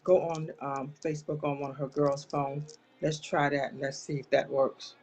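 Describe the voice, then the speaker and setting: A woman's voice: sits low, level tone, normal speed, a little mellow, a little hiss or hum. A woman hosting a live online talk show, speaking straight to her viewers in an impassioned, churchy way. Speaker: live-stream host. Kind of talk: casual live chat.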